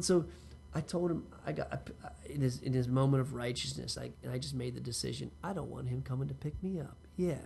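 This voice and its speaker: A faint ambient hum runs beneath a man's casual monologue as he tells a rambling, profane story from his own life. His voice is gravelly with creaky fry, sits at a normal middle pitch, and carries a darkish tone; he talks right to the listener and keeps drifting into asides.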